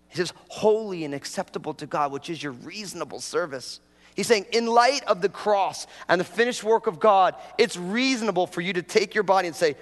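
Pastor guy preaching, kinda high voice, chatty, gets the crowd to talk back, echoey church sound. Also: animated, brisk. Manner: conversational preaching with audience prompts and jokes. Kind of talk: sermon.

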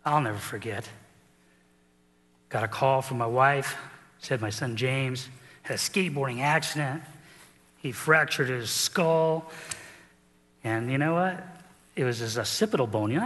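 A man's voice: mid-range voice, fairly bright tone, long reverb tail. A middle-aged man preaching a sermon as pastor, telling the story with animation and acting out the people in it.

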